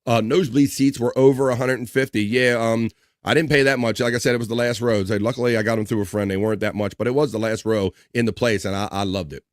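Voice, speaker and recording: A man's voice: medium pitch, steady tone, fast, no room sound. Casual man host reading chat, dry sound. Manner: casual, chatty, laughing often, loose slang. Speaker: live stream host. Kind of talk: reading out chat messages on a live stream. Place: home streaming setup.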